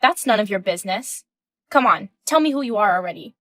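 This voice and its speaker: A woman's voice: mid-range voice, lively intonation, brisk, a bit bright, no echo, voice pushed down, lightly acted. A woman in her thirties voicing a composed, indignant wife in a text-message story, firm and questioning. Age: 30s.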